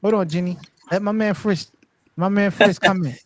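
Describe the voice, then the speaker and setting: A man hosting a casual panel chat over a call on headphones. He talks in an animated, slangy way, often cutting in and repeating himself. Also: high voice, normal speed, no echo. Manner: animated, interrupts a lot, slangy and repetitive. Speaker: podcast host. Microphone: headphones on a remote call.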